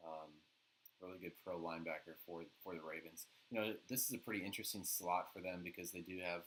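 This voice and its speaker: A man co-hosting a sports podcast in casual chat, relaxed and steady as he leads each segment. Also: deep voice, fast, a little hiss or hum, rough recording. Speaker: podcast co-host.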